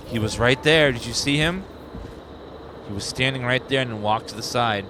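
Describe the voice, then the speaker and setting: A man streaming a horror game live, chatting excitably and rattling off lists of viewer names at speed. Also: mid-range voice, slight background noise. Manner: excitable, rapid-fire reading of viewer names. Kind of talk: live gameplay commentary.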